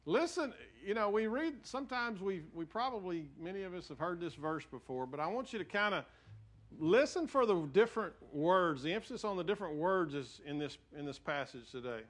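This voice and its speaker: A male pastor speaks to his church congregation in a folksy, joking, conversational way. His voice sits high for a man, and he talks in loose phrases full of fillers. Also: lively intonation, brisk. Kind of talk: sermon. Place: church sanctuary.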